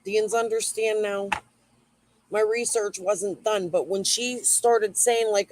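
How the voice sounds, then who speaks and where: A woman's voice: a little high, fairly even intonation, moderate pace, no room sound, poor audio. A woman hosting a livestream, rambling and swearing while she answers viewers in the chat. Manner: rambling, profane, replying to chat. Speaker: YouTube livestream host. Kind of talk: casual livestream rant.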